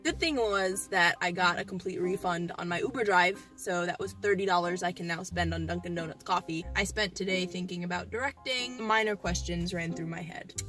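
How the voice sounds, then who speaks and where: A woman's voice: mid-range voice, a little fast, a bit bright. A young woman vlogging in a casual diary style, playful and dramatic, swinging between musing and mock despair. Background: music.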